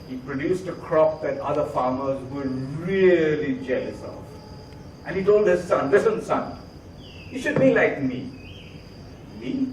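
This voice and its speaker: A man's voice: medium pitch, slight background noise. A man telling a folk tale in a loose, conversational way, with asides and fillers. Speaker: storyteller. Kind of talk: oral storytelling, unscripted. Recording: echoey, from far off the mic.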